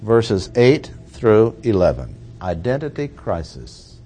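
Slow, deliberate male preacher. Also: lowish voice, big pitch swings, warm tone, soft background music. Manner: deliberate, emphatic, repeats key points. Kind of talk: expository sermon.

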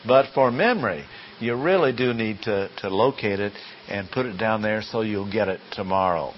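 A man teaching Greek grammar from the Bible in a classroom lecture, deliberate and full of rhetorical questions. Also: on the low side, slight background noise. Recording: dull lo-fi classroom recording.

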